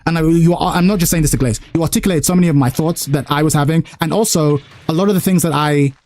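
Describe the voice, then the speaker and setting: A young man hosting a stream, talking fast and animatedly, arguing his point and acting out quotes in casual chat. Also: on the high side, darkish tone. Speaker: streamer host.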